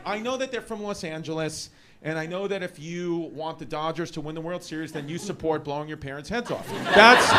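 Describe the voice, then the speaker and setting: A man with a thick New York accent riffs through a stand-up set, his voice sitting high for a man. He rambles, doubles back and rises to shouts on his punchlines. A live club crowd laughs loudly around him. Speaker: stand-up comedian. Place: comedy club with a laughing audience. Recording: live club recording with audience noise.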